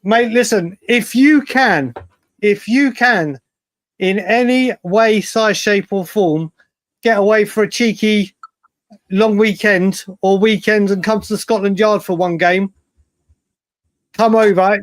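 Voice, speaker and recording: English man, casual podcast co-host, high voice, chatty and emphatic, repeats himself. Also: no room sound. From England. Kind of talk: casual chat.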